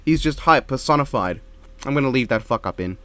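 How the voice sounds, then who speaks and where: A man giving casual reaction commentary at home, speaking quietly in a monotone and rambling with frequent restarts into a microphone. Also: medium pitch, a little fast. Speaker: reaction video creator. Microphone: desk microphone.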